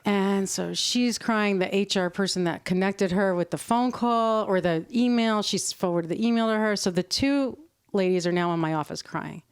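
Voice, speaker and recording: A middle-aged woman, a podcast guest, telling a work story in a lively, animated way and laughing often. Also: medium pitch, normal speed, smooth, dry recording, clean studio sound. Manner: animated, acts out quoted voices, laughs often. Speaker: podcast guest, nonprofit CEO. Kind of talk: conversational storytelling.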